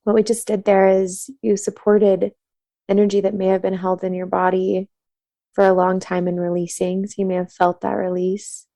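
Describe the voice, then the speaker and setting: A woman coaching a listener through a tapping exercise in a calm, soothing, slow voice, then explaining her practice. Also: mid-range voice, gravelly, no echo. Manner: gentle affirming murmurs while listening. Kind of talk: guided tapping meditation and interview answers.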